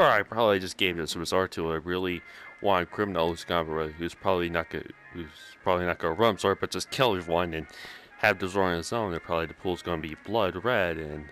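A man giving casual, jokey gameplay commentary, swearing freely and laughing a lot. His voice sits low, but its tone is bright and forward, and it jumps around with lively pitch. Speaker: gamer.

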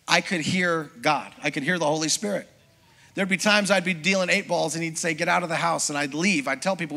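A middle-aged man, a pastor, preaching a sermon as a lively personal testimony and acting out the voices of people in his story. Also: a little high. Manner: storytelling, acts out quoted voices, conversational with congregation.

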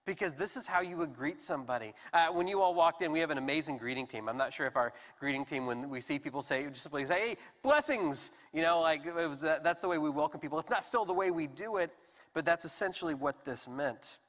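A man preaching a sermon in a relaxed, conversational and self-deprecating way with animated emphasis. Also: a little high, quick pace. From United States. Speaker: pastor. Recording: long hall reverb.

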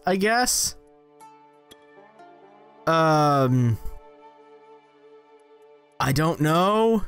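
A young man talks through a game in a rambling, self-mocking way. His voice sits high and keeps leaping into excited yelps. Faint game music plays behind him. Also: smooth. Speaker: gaming channel host. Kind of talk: casual gameplay commentary.

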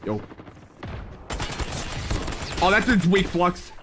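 A young man hosting a live gaming stream, excitable and rambling, forever saying "okay" and "bro". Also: high voice, extremely slow. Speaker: streamer host. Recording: noisy game stream with gunfire. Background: gunfire from the game.

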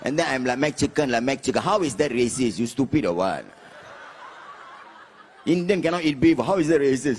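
A man's voice: animated, moderate pace, pauses often, darkish tone, a little hiss or hum. Man in his 50s, singaporean english accent, stand-up comedy, chatty and mock-exasperated, faint live-show ambience. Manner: chatty, mock-exasperated, acts out characters in shrill voices.

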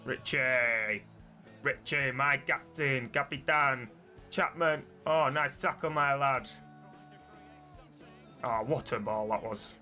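A young man commentating his own football video game match, muttering to his players and then yelling at them. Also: mid-range voice, slow pace, pauses often, soft background music. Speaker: gaming streamer. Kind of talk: excitable gameplay commentary.

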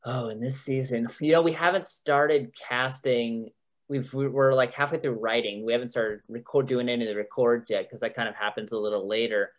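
A man's voice: mid-range voice, steady tone, fairly quick. A man who is a TV head writer, talking casually in a podcast interview, chatty with frequent laughs and restarts. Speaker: TV executive producer and head writer.

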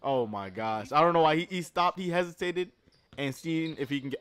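A man reacting to a streetball game, giving casual commentary with slang and sudden loud outbursts. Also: on the high side, expressive, fairly quick. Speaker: reaction streamer commenting on basketball.

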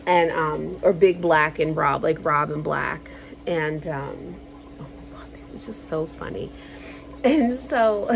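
A woman vlogger telling stories in a casual, animated way, swearing freely and acting out quotes loudly. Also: on the low side, takes it slowly, creaky, a little hiss or hum. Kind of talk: casual storytelling.

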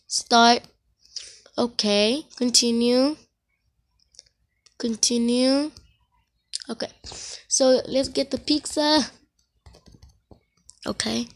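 Slow-talking excitable woman gamer. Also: sits high. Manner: excitable, constant exclamations. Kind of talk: casual game commentary.

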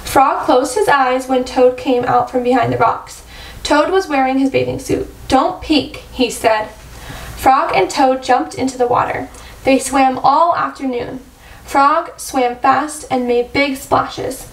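A woman, a first grade teacher, reading a picture book aloud slowly and clearly for children. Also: sits high. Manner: slow, clear storytelling for children. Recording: echoey room, far-off mic.

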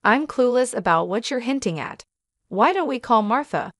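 A woman's voice: fairly high pitch, lively intonation, moderate pace, no room sound, clean studio sound, lightly acted. A woman reading as a blustering cornered husband. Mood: defensive. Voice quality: blustering, defensive. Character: panicking cornered middle-aged husband, smug turned desperate. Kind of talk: storytelling read-aloud.

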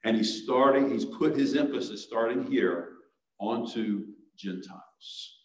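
A man preaches a sermon, earnest and pressing his listeners to respond. His voice sits at an ordinary middle pitch. The sound carries the ring of a large sanctuary, picked up from some distance. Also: unhurried. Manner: earnest, rising to urgent exhortation. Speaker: pastor. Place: church sanctuary. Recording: echoey church sanctuary, mic at a distance.

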